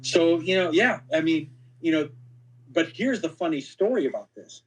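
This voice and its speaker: Man telling lively stories with quoted dialogue. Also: on the high side, moderate pace, slightly rough, poor audio. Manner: animated anecdotes, acting out quoted dialogue; frequent fillers like "you know". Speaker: podcast guest. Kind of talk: casual storytelling interview.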